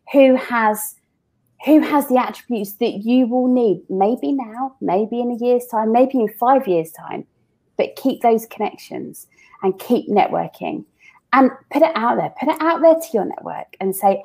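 A woman's voice: a little high, dark tone. A woman talks through her working life in a casual interview. She is chatty and loose, often stopping to restart or repeat a word before carrying on. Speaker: business owner guest.

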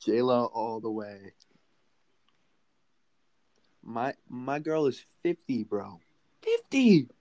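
A man co-hosting a casual sports podcast who laughs easily, swears freely and reacts with loud disbelief. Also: mid-range voice, measured pace, dry recording. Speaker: podcast co-host.

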